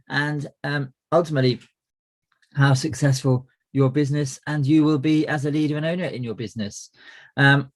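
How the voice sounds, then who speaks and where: A middle-aged man hosting a business coaching webinar, friendly and full of "uh" fillers and restarts. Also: medium pitch. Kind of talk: presenting a webinar.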